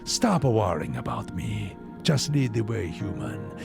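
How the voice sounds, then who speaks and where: A man's voice: huge pitch swings, a little slow, vocal fry, exaggerated voice. A man hamming up a pompous mock-Italian cat. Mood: boastful. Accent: mock Spanish-Italian. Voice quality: low, put-on hammy accent. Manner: theatrical, dramatic posing. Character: bossy pompous male sea-person cat, calls everyone human. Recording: game music under voice.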